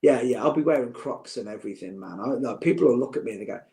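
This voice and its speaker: A man's voice: mid-range voice, fast talker, warm tone. A middle-aged man, chatting as a podcast guest, joking and heartfelt by turns. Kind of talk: casual chat.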